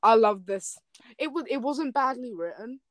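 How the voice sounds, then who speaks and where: A woman's voice: a little high, lively intonation, normal speed, dry recording. A young woman hosting a casual chat, reading fan fiction aloud with melodramatic flair and joking between lines. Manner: reads melodramatically, breaks into laughter and jokes.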